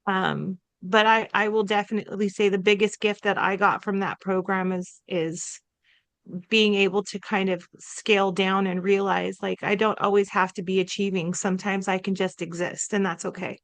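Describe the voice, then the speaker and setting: A woman's voice: medium pitch, moderate pace, dry recording. Chatty woman telling a story. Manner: chatty and animated, quotes herself and others in lively voices. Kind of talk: casual conversational storytelling.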